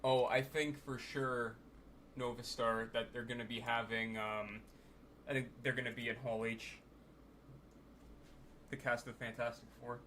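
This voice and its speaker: A man's voice: medium pitch, little pitch movement, unhurried, pauses often, bright, forceful tone, a little hiss or hum. A man co-hosting a live stream, joking and chatting casually. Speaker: stream co-host.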